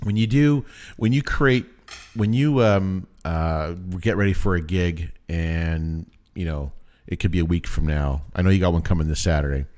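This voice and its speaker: A man's voice: low voice, normal speed, few pauses, a little mellow. A man hosting a podcast in casual chat, chiming in with enthusiastic reactions and casual swearing. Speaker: podcast host.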